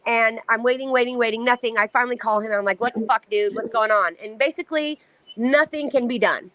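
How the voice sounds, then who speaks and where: A woman's voice: on the high side, a bit bright. A woman angrily recounting a custody fight, swearing often and talking in a heated, ranting rush. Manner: heated, profane, fast-ranting. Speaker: mother telling her story. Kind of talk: angry personal account.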